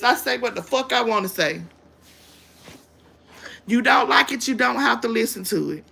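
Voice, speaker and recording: A woman hosting her own stream rants bluntly and aggressively, swearing constantly, with lively intonation. She talks at normal speed but pauses often, and her high, bright, edgy voice carries a gravelly fry.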